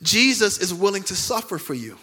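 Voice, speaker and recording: A man's voice: high voice, very animated, fairly quick, pushed and bright, slightly rough. A male pastor preaching a sermon emphatically, repeating key lines and acting out quoted voices.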